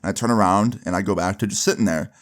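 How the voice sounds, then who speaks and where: Young guy w a lowish voice doing a chill storytime, says like and you know a lot, swears here and there. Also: quick pace. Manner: relaxed, swears casually, fillers like "like" and "you know". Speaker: storyteller vlogger. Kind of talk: casual storytime.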